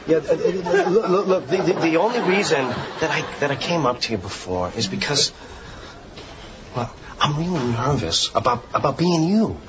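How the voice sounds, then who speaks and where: A man's voice: fairly high pitch, animated, normal speed, a crowd in the background, natural voice. An actor playing an eager, naive young male actor who talks in an eager, stammering way. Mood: nervous. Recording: dull TV audio with background noise.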